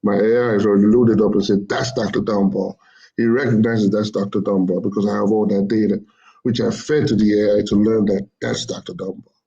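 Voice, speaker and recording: A man's voice: on the low side, level tone, fairly quick, creaky, dark tone, highs cut off. A man explaining machine learning in casual talk, rambling and repeating himself as he corrects his words. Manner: rambling, repeats phrases, self-corrects often.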